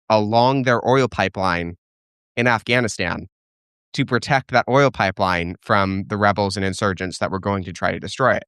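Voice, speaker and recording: A man's voice: fairly low pitch, fairly bright tone, clear, resonant tone, dry recording, studio quality. A young man hosting a live question-and-answer stream, giving opinionated answers as he thinks aloud, with restarts and fillers. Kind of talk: casual live-stream commentary.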